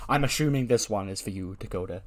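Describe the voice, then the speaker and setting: A man's voice: on the low side, fast, close to an everyday voice. A man voicing a male wrestling show general manager who makes formal ring announcements. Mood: announcing.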